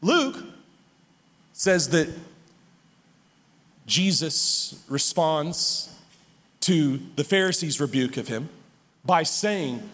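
A man preaching a sermon as pastor, emphatic and animated, often laughing and restarting his sentences. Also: a little high, extremely slow, long pauses, in a large hall.

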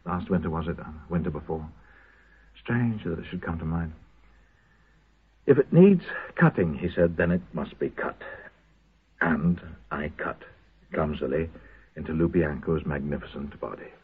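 An actor playing a haunted prisoner who makes a halting, intense confession to his comrades in a 1970s radio drama. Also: rumbling low, animated, breathy edge, exaggerated voice. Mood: grim. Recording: tinny lo-fi old radio broadcast.

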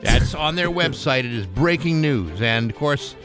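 A man's voice: mid-range voice, animated, normal speed, a bit bright, faint music behind. A man hosting a morning radio show, chatting loosely with many fillers and reading the news.

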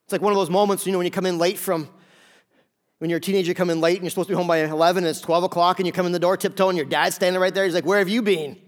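Man, pastor, high voice, animated sermon, rhetorical questions. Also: racing. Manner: conversational and animated, asks the congregation questions. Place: church.

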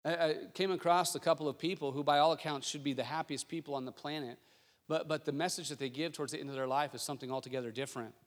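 A male pastor preaching a sermon, telling stories and asking the congregation questions with rising excitement. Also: fairly high pitch, fast. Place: church sanctuary. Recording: long hall reverb.

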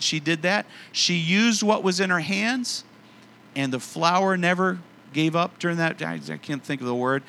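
A pastor delivers an animated sermon in a church, slipping into the voices of people from the stories he tells. His voice sits a little high, with a gravelly fry and a bright, forceful edge. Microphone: handheld or stand mic.

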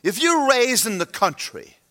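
A man's voice: very high-pitched, sing-song, unhurried, bright, forceful tone. A man, preaching a sermon to his church in a folksy, humorous, emphatic way. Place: church sanctuary.

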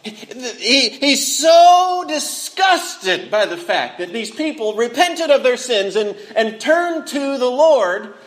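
A man's voice: very high voice, very animated, takes it slowly, a bit bright. A man preaching a sermon in an earnest way, often repeating words as he goes and acting out what he quotes. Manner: earnest, acts out quotes with feeling; frequent word repeats.

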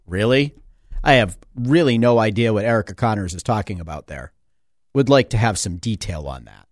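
A man's voice: medium pitch, expressive, moderate pace, no room sound, studio quality. A man who sits on a school board, giving a sarcastic opinion monologue full of rhetorical questions. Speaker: school board member and commentator.

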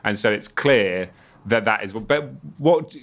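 Guy rambling through his stories, lowish voice, laughs a lot at himself. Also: lively intonation, slow, a bit bright. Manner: rambling storyteller, laughs often, self-mocking. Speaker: racing presenter. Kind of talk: casual podcast chat.

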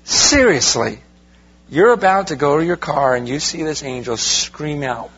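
A man's voice: a little high, expressive, measured pace, fairly bright tone, husky, dull audio. A man, a pastor, preaching a sermon in a conversational way, asking rhetorical questions and talking straight to his congregation. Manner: addresses the congregation directly.

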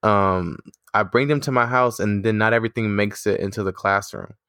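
A woman's voice: rumbling low, a little fast, fairly bright tone, clear, resonant tone, no echo, clean studio sound. A woman in her twenties, a teacher co-hosting a podcast, chatting casually and laughing often.

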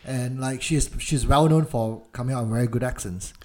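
A man with a Malaysian accent, co-hosting a casual film podcast, speaking slowly and deliberately. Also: medium pitch, darkish tone. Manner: deliberately slowed, measured speech. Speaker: podcast co-host.

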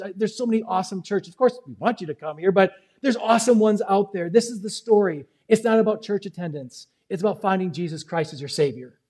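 Pastor guy preaching, pretty high voice, dark mellow sound, pleading then soft. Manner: earnest, pleading, swings between loud and quiet. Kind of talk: sermon. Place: church service.

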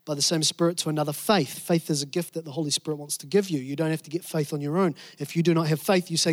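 A man preaching a sermon, telling a personal story with animated emphasis and repeated phrases. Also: on the high side, fast, hardly any pauses, no echo, clean studio sound. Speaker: pastor. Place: church service room.

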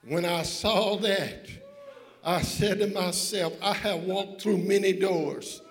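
A man preaching a sermon to a church, moving from hushed storytelling into shouted, sing-song preaching. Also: high-pitched, fairly even intonation, takes it slowly. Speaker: pastor. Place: church with congregation.

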